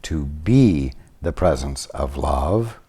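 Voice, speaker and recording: Man for a spiritual study-group talk: low, dark voice, deliberate and unhurried delivery with long pauses. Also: animated, breathy edge.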